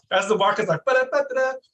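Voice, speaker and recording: A man with a high, bright speaking voice tells stories in an interview. He is animated and keeps slipping into exaggerated voices to act out quotes. He sits a bit back from the microphone. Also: normal speed, recorded from a distance, low-quality recording. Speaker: real estate team leader, guest. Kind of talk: energetic storytelling interview.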